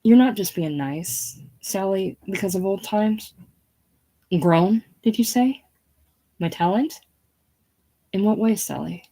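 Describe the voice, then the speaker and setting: A woman's voice: mid-range voice, slow pace, long pauses, warm tone. A woman reading the part of a faded, aging female film star, breathless and theatrical. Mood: gushing. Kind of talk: casual play reading.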